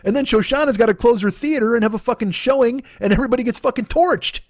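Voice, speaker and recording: A man in his forties ranting in a profane podcast monologue, agitated, sometimes dropping to a mutter and then rising to a shout. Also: very high-pitched, quick pace, no echo, studio quality. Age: 40s. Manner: agitated, swearing, swings between muttering and shouting. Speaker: podcast host.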